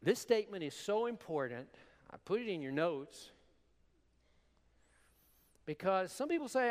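A man preaching a sermon as pastor, emphatic and animated, with repeated words for stress. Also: on the high side, measured pace, long pauses. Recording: long hall reverb.

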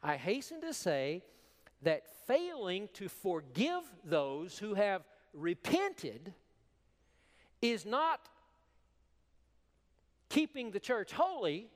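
Animated high-voiced preacher in a reverberant hall. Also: male voice, slow, long pauses. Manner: animated, emphatic preaching with repetitions. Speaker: pastor. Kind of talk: sermon.

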